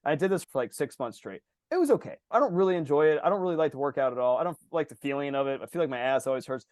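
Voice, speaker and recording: A man's voice: on the high side, rapid-fire, dry recording, studio quality. A man co-hosting a podcast, chatting casually, telling long rambling stories with swearing and acted-out quotes. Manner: rambling, profane, animated storytelling with acted-out quotes. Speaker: podcast co-host. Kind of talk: casual chat.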